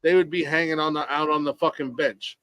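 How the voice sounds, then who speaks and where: A man's voice: a little high, fairly even intonation, brisk, fairly bright tone, dry recording. A man co-hosting a podcast in casual sports chat, profane and heated, stumbling over repeated restarts. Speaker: podcast co-host.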